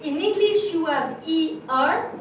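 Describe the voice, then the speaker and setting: A woman's voice: very high voice, slow. A woman from France with a French accent, teaching a live language lesson and patiently spelling out letters. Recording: very echoey room, mic far off, faint noise.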